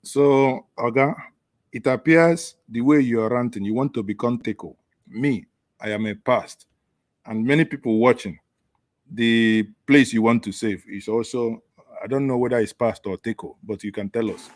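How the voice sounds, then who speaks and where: A man's voice: medium pitch, moderate pace, no echo. A man with a Nigerian accent hosting a call-in show, mocking the news with sarcastic jokes. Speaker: host taking callers. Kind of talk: satirical call-in chat.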